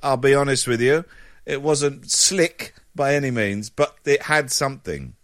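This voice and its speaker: A comedian, appearing as a guest in an interview, tells anecdotes with lively energy and acts out different voices along the way. His voice sits in the mid range and moves a little slowly, recorded with studio quality and no echo.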